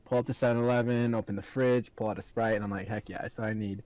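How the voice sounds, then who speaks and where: A man's voice: on the low side, fairly even intonation, quick pace, darkish tone, no room sound, poor audio. Young man telling a story with laughs. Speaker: podcast co-host. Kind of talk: casual storytelling.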